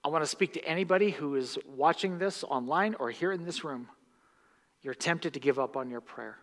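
A man preaches to his congregation with a bright, forceful voice pitched a little high. He swings between hushed, intimate lines and loud, impassioned bursts. The sound rings with the long reverb of a church sanctuary. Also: normal speed. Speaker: pastor. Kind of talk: sermon.

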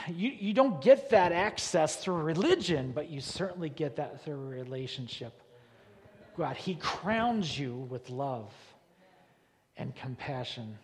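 A man, a pastor, preaching a sermon in a church, leaning hard on repeated words and rising to loud, forceful peaks. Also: on the high side, animated, unhurried. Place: church sanctuary. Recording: long reverb of a large church hall.

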